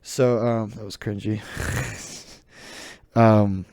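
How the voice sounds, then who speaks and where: A man's voice: fairly low pitch, flat delivery, drawn-out words, gravelly, a little mellow, no echo, clean studio sound. A teenage boy with a Southern US accent, rambling through a solo podcast, laughing often and poking fun at himself. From southern United States. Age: teens. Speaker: podcast host. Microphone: desk mic, close.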